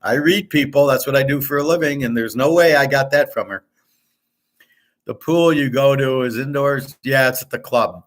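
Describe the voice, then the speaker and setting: A man's voice: medium pitch, moderate pace. A man from Michigan hosting a casual monologue. He talks in a blunt, profane, rambling way. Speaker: host.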